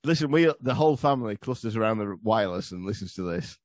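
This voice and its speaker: A man's voice: on the low side, animated, quick pace, dry recording, clean studio sound. A man, a podcast guest telling crude, swearing stories in casual comedy chat. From England. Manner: crude, swearing, laughing storyteller.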